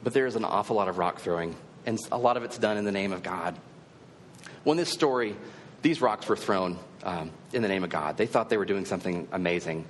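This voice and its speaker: Low-voiced man preaching in an echoey hall. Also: brisk, a little hiss or hum. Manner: conversational, earnest storytelling. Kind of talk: sermon.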